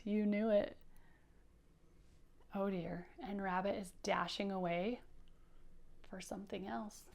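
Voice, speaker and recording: A woman teaching young children, reading aloud with an encouraging, animated manner. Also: medium pitch, slow, gravelly, long pauses, muffled recording. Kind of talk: children's read-aloud lesson.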